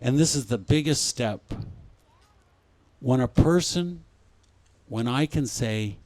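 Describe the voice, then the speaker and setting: Man, conference speaker, spiritual talk, gentle, reflective, unhurried delivery. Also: mid-range voice, lively intonation, dry recording. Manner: gentle, reflective, repeats phrases.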